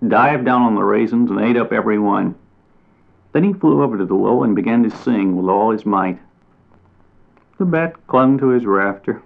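Guy reading a kids story slow and gentle, lowish gravelly voice, sounds like it's over a phone. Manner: gentle, unhurried, lingers on descriptive phrases. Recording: tinny phone-like audio.

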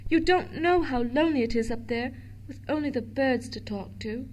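A woman's voice: fairly high pitch, animated, normal speed, a little hiss or hum, close to an everyday voice, low-quality recording. A woman voicing a lonely, impish boy statue come to life, eager and pleading.

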